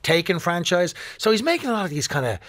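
A man's voice: sits high, big pitch swings, fast, a bit bright. A man reviewing a film on a radio show, rambling with lots of "kinda" and restarts.

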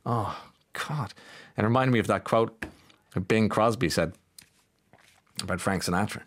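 An Irish-accented man hosts a chatty morning radio show, speaking at a moderate pace in a lowish voice. He rambles and mocks himself while telling stories and reading out texts.

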